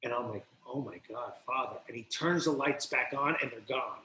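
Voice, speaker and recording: A man's voice: mid-range voice, moderate pace, bright, forceful tone, a little hiss or hum. A man from New Jersey telling his recovery story as a podcast guest. He tells it with animation and acts out both sides of the dialogue. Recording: roomy echo.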